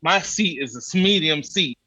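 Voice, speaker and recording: On a podcast, a guest with a slightly high, breathy man's voice tells a comic travel story at a measured pace, loose and colloquial, swearing casually and acting out his exasperated exchanges with the people he met. The audio is dry with no echo, and the highs are cut off.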